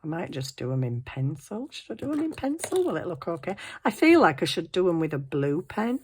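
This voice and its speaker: A woman's voice: fairly low pitch, very animated, a little fast, few pauses, breathy edge. A middle-aged woman, chatting to herself while crafting in a casual vlog, flustered and apologetic. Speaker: craft channel host.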